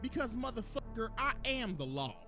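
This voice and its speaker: A man voicing a ruthless older male military leader with a low, taunting, profane drawl that calls his victims boy. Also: very animated, moderate pace, heavily acted. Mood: menacing. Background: background music.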